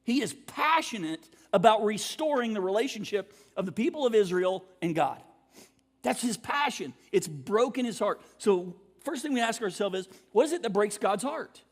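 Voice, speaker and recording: A man with a notably high voice preaches a sermon in a relaxed, conversational way, often clearing his throat between thoughts. His voice carries a long reverb that rings out through the church sanctuary. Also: moderate pace. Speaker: pastor.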